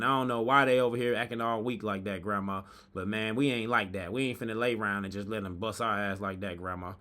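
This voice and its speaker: A man hosting a reaction podcast, talking in loud, preachy commentary full of street slang, dropping from shouts to low asides. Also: fairly even intonation, fast talker, hardly any pauses. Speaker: podcast host reacting to videos.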